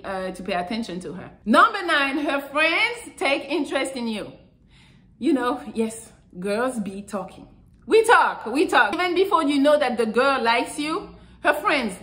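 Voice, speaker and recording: A woman's voice: sits high, fairly bright tone. Blunt, foul-mouthed woman giving dating advice. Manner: blunt and profane, acts out quoted voices. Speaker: relationship advice vlogger. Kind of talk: casual advice monologue.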